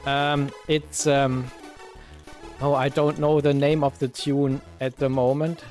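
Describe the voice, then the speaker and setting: A man with a German accent talks his way slowly through a retro gaming stream, his voice sitting a little high. He pauses on fillers and breaks into yelps when the game goes wrong. Faint chiptune music plays behind him. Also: level tone, darkish tone. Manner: slow, thinking aloud with many fillers, bursts of exclaiming at the game. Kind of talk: casual live-stream commentary.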